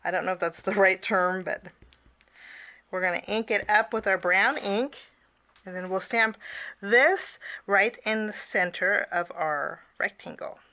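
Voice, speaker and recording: Bright-voiced chatty woman teaching crafts. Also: mid-range voice, unhurried. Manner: chatty, apologetic asides, frequent fillers. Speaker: cardmaking teacher. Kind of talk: casual craft tutorial.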